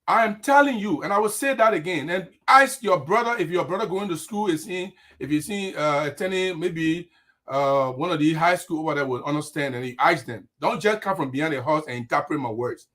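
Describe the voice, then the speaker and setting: A man hosts a live online talk show in a fairly high voice. He leans hard on every point and speaks with deliberate emphasis. He sounds middle-aged. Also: animated. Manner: emphatic, forceful delivery.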